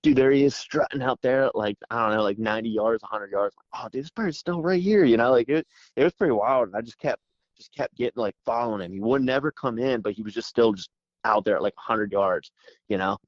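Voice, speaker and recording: A man guest telling a story with excited energy, rambling fast and saying "dude" constantly, calling in by phone. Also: fairly low pitch, no echo. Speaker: podcast guest. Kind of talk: animated storytelling. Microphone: phone call. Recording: dull phone line.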